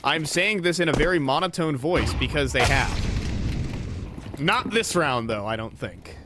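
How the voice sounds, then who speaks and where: A man calling a live esports match with quick, playful, teasing banter. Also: on the high side, lively intonation, background noise. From North America. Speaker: esports commentator. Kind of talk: live play-by-play commentary.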